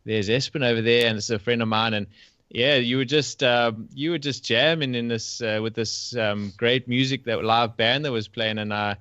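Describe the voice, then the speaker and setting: A man hosting a podcast interview, talking in a friendly, halting way with many fillers. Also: mid-range voice, steady tone, a bit bright, clear, resonant tone, no echo, muffled recording. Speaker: podcast host. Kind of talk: casual interview. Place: Gold Coast, Australia.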